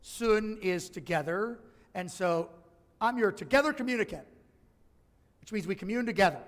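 A man with a high voice preaches in a casual, joking way, with a lilt. His voice rings out in a church sanctuary, with a long reverb trailing each line of the live stream. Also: expressive, moderate pace. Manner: conversational and humorous, acts out voices in his stories. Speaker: pastor. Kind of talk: sermon.

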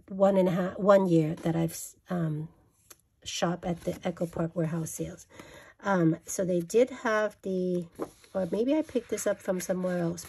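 Gushing woman with a gravelly voice. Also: fairly low pitch, darkish tone. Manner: gushing, chatty, self-correcting. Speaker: craft vlogger showing a haul. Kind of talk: casual show-and-tell.

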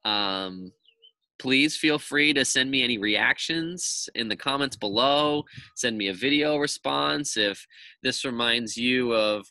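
A man, a teacher, reading a children's chapter book aloud to his class in a lively, expressive storytelling manner. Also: mid-range voice, takes it slowly, no room sound.

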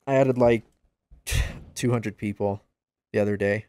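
A man casually commenting on a game livestream and reading chat aloud, joking at his own expense and yelping out loud during play. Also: measured pace, clear, resonant tone. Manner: excitable, bursts into high yelps during play; self-deprecating, joking. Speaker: gaming livestreamer.

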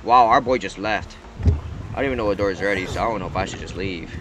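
A man's voice: sits low, fast, very noisy. A man giving live gameplay commentary, exclaiming and pleading at other players. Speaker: gaming YouTuber.

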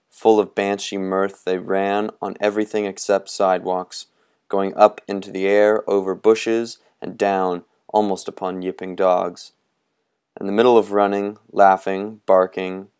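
A man reading a novel aloud in a measured, atmospheric storytelling manner. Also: on the low side, darkish tone, clear, resonant tone. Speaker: audiobook reader.

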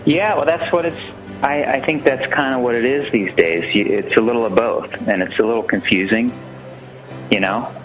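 A man hosting a podcast in a casual, reflective chat, halting and full of fillers. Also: mid-range voice, faint music behind, poor audio. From San Francisco. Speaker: podcast host.

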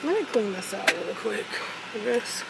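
A woman's voice: mid-range voice, expressive, normal speed, gravelly, background noise. A young woman in her twenties chatting bubbly and casually to the camera as a vlogger, in her car and then a store. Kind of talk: casual vlog chat.

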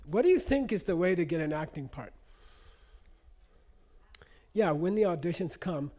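Male speaker, slightly raised pitch, teaching a room casually. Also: big pitch swings, moderate pace, warm tone. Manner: conversational teaching, frequent "okay?" check-ins. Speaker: lecturer. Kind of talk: live lecture to an audience. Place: lecture room.

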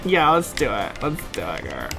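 A woman's voice: a bass voice, huge pitch swings, normal speed, vocal fry, sharp tone. A woman gamer chatting casually over a fighting game, playfully cheering and taunting. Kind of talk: casual gaming chat. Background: game music.

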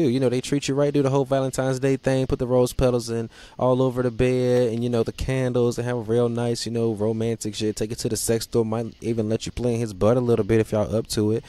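A man's voice: mid-range voice, fairly even intonation, a little fast, warm tone, dry recording. A young man hosting his own podcast, chatting casually in a blunt, profane, joking way. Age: young adult. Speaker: podcast host. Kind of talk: casual solo chat.

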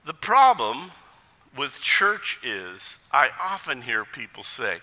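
Bright-voiced pastor preaching in a hall. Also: male voice, mid-range voice, slow. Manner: lively storytelling with jokes. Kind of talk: sermon.

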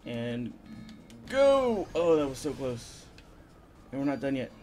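A man's voice: mid-range voice, fairly even intonation, moderate pace, dark tone. A man casually talking through a video game as he plays, half-mumbling to himself. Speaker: gaming video host. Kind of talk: let's-play commentary. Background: faint game music.

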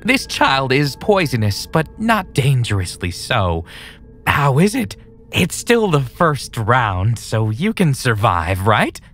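A man voicing a creepy young man who keeps scorpions and gloats as he tortures his captive, with slow, sing-song talk over light music. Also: mid-range voice, huge pitch swings, fairly bright tone, voice pushed up, full character voice. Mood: gloating. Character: creepy young man, scorpion-obsessed captor, gleefully sadistic.

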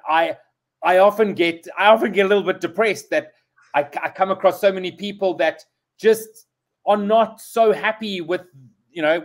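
A male host of a live interview who speaks haltingly, with many restarts, and enthusiastically. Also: sits high.

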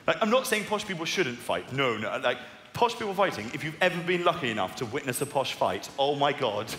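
A man in his twenties with a posh southern English accent, doing a self-mocking stand-up routine with sudden high squeaky outbursts. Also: very animated, fairly quick, fairly bright tone. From England. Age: 20s. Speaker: stand-up comedian. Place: large arena on stage. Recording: live arena recording with long reverb and crowd noise.

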